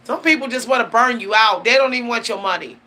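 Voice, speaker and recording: Bright-voiced woman giving a slangy spiritual rant. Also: on the high side, quick pace. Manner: animated, laughing, slangy and emphatic. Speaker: channel host. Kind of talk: casual spiritual talk to camera.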